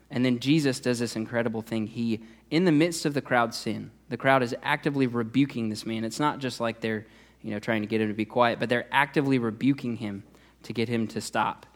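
A man's voice: mid-range voice, fairly even intonation, fairly quick. A man who is a youth pastor, preaching a sermon in a conversational way, with frequent "uh" fillers and restarts.

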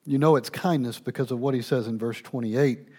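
A man preaching a sermon, swinging between loud emphatic stretches and hushed, intimate ones, with occasional restarts and fillers. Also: medium pitch, fairly even intonation, a little fast. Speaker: pastor.

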